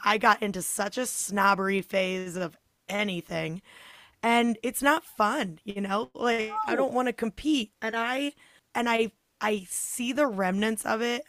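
Young woman podcast cohost, chatty and animated, dry close mic, swears a lot. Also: medium pitch, normal speed, no echo. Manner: animated, acts out quoted voices, swears. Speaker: podcast co-host. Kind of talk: casual chat.

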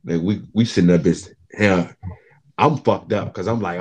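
A man's voice: sits low, moderate pace, darkish tone, breathy edge. A man telling a long, profane story in casual chat, acting out the quotes of the people in it.

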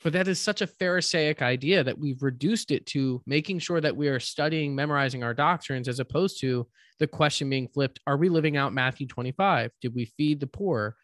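A man's voice: medium pitch, fairly quick, few pauses, a bit bright, no echo, clean studio sound. A man co-hosting a faith podcast, reflective, building his points with pointed questions. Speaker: podcast co-host. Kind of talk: casual faith podcast chat.

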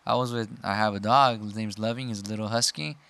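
A man's voice: on the low side, steady tone, quick pace, vocal fry, a bit bright. A man co-hosting a podcast in casual chat, rambling and playful as he tells stories. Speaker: podcast co-host.

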